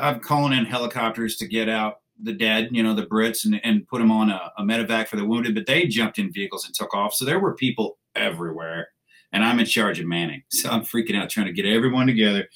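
A man's voice: fairly low pitch, fairly bright tone. Blunt veteran man telling war stories. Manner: blunt, profane, with wry laughs. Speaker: military veteran guest. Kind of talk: casual war storytelling.

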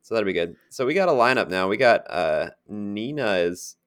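A man's voice: lowish voice, lively intonation, moderate pace, a bit bright, clear, resonant tone. A man co-hosting a podcast in casual chat, rambling and chatty, laughing at his own stories. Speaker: podcast co-host.

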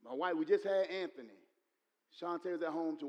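A man preaching a sermon, repeating his points and building to loud exclamations. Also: fairly high pitch, a little fast, lo-fi sound. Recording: long hall reverb.

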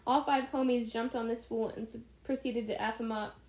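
A woman's voice: a little high, steady tone, brisk, darkish tone. A woman co-hosting a podcast, reading a story aloud casually, giggling and stumbling over words. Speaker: podcast co-host reading stories. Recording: echoey room.

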